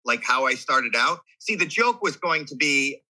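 On poor audio, a medium-pitched male voice speaks at a normal speed. He's in his sixties, a guest sharing a story in a candid interview, animatedly performing voices and reactions while frequently restarting and repeating himself.

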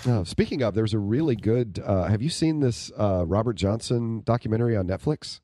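A man co-hosting a podcast, chatting in a relaxed, enthusiastic way with plenty of fillers. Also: fairly low pitch, brisk, no room sound, studio quality. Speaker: podcast co-host. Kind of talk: casual chat.

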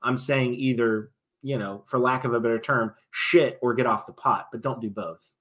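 A man's voice: mid-range voice, fairly even intonation, normal speed, fairly bright tone. A man, a military veteran, talking casually as a podcast guest, often restarting his sentences and swinging between emphatic and trailing-off delivery.

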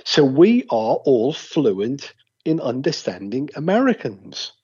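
An Englishman with an English accent chats casually, spinning jokey, rambling stories in a medium-pitched, darkish, slightly breathy voice. He is very animated yet takes his time, and the recording is muffled and lo-fi.

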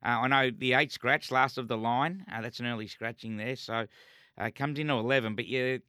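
An Australian man giving racing tips on live radio, talking through the form confidently and relaxed, trailing off at times. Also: mid-range voice, a little fast, clean tone, no echo, studio quality. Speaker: racing tipster. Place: radio studio.

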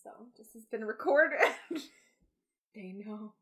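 High bright young woman telling a story. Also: slow. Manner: animated, laughing storyteller. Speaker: podcast co-host. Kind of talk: casual chat, storytelling.

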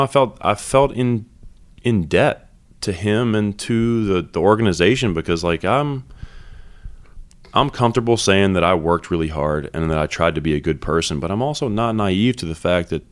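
A man in his thirties, a basketball head coach, talking candidly and reflectively in an interview, with many fillers and restarts. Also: sits low.

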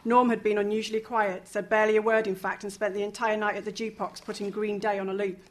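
A woman reading a novel aloud, lively, with casual asides and the odd chuckle. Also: mid-range voice, quick pace. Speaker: reader.

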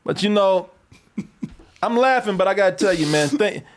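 A man's voice: high voice, animated, moderate pace, a little hiss or hum. A male host giving casual comedic reaction commentary, joking, laughing often and dropping mock-serious asides.

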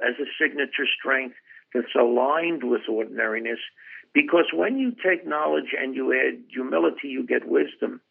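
An older man being interviewed as an author, telling stories in a calm, reflective way over a phone line. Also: mid-range voice, creaky. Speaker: author guest.

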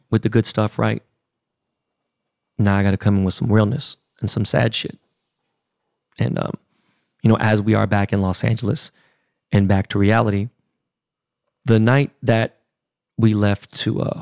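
A man's voice: lowish voice, vocal fry, a little mellow, dry recording, studio quality. A middle-aged man hosting a podcast, telling a personal family story in a candid, emotional way with casual profanity. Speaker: podcast host.

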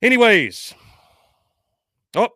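A man's voice: high voice, sing-song, drawn-out words, sharp tone, no echo, clean studio sound. A man hosting a sports call-in show, talking bluntly and sarcastically in a loose, casual way.

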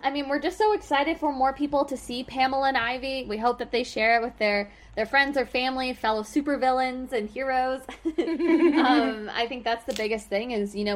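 A woman filmmaker talking in a casual interview, upbeat and grateful. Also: on the high side.

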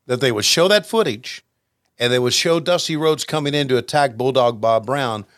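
A man co-hosting a podcast, chatting casually in a jokey, rambling, halting way. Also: medium pitch, fairly bright tone, dry recording, studio quality. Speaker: podcast co-host. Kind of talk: casual chat.

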